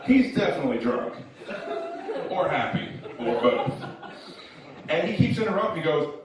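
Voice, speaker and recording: A man tells a stand-up story on a club stage, swinging between quiet asides and loud, animated bursts. His fairly high voice jumps around a lot, and the sound is distant and strongly echoey, as if heard from back in the room. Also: normal speed, long pauses, crowd noise. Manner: animated, loud bursts when acting out characters. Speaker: stand-up comedian.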